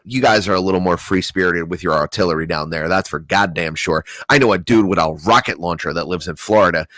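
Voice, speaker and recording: Deep-voiced, profane man chatting. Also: fast, dry recording. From New Jersey area. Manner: profane, animated storytelling. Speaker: podcast co-host. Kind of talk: casual podcast chat.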